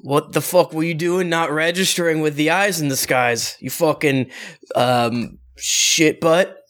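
A man doing a gruff old elf captain. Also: fairly high pitch, measured pace, fairly bright tone. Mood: angry. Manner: gruff, swearing insults. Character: grizzled old male elf guard captain, stern and foul-mouthed.

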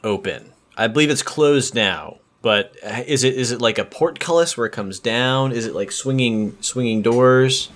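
A man's voice: medium pitch, normal speed, few pauses, a bit bright. A man playing a tabletop game, jokey and playful with fillers. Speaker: player. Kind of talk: casual tabletop game play.

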